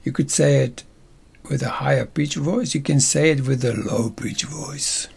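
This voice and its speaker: A man's voice: mid-range voice, moderate pace, gravelly, a little mellow, slightly rough. A man teaching a workshop in a casual, playful way, often checking in with his listeners. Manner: playful, checks in with tag questions.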